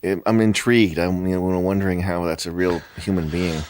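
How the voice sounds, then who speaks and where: A man's voice: deep voice, steady tone, a little fast, darkish tone, slight background noise. A man in casual chat, wry and curious, murmuring agreement a lot. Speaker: podcast co-host.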